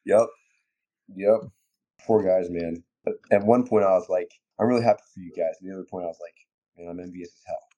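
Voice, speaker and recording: A man, a former Marine, telling stories from his service in a relaxed, casual way, laughing often and acting out the things people said to him. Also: sits low, brisk, lo-fi sound. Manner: laid-back, laughs often, acts out quoted exchanges. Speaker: interview guest, former Marine. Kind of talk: casual storytelling. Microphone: phone.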